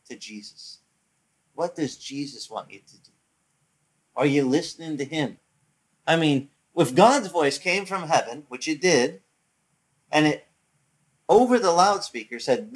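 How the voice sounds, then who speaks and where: A man preaching a sermon as pastor, conversational and animated, acting out quotes from the story. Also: fairly high pitch.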